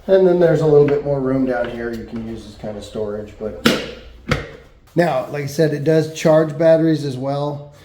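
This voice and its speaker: A man giving a relaxed, matter-of-fact hands-on walkthrough of a product he is reviewing. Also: mid-range voice, moderate pace. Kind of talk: casual hands-on product demo. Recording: roomy echo, faint background noise.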